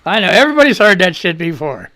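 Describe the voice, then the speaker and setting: A man hosting a live radio show, out of breath, talking loud and rambling with profane asides. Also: high voice, very animated, quick pace.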